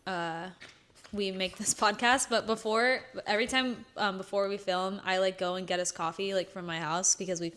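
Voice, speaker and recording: A young woman co-hosting a podcast, telling stories in a casual, animated way and acting out what people said. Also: mid-range voice, moderate pace, smooth. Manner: animated storytelling, acts out quotes, laughs often. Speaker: podcast co-host. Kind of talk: casual chat.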